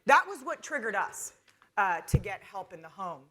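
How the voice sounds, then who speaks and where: A woman's voice: mid-range voice, big pitch swings, moderate pace, sharp tone. A middle-aged woman from North Carolina moderating a conference panel, chatty and storytelling with fillers. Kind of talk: conference stage talk.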